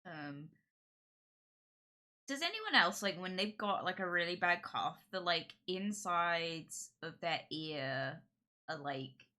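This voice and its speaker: A young woman talks to her live-stream viewers through a heavy cold. Her voice is bright and sharp but blocked and nasal. She rambles loosely, padding her sentences with fillers. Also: on the low side, expressive, takes it slowly. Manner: chatty and rambling, lots of "like" and "um". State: sick with a cold, congested.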